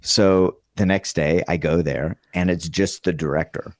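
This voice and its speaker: A man with a very low voice tells a loose, rambling story to a friend. His delivery is animated and full of asides. The sound is close and dry, with no room around it. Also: unhurried, dry recording. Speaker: guest storyteller. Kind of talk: casual storytelling.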